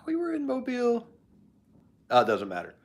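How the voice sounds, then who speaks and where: A man's voice: very high-pitched, wildly swooping pitch, moderate pace. An older man hosting a live stream, chatting casually with viewers in a rambling, joking way.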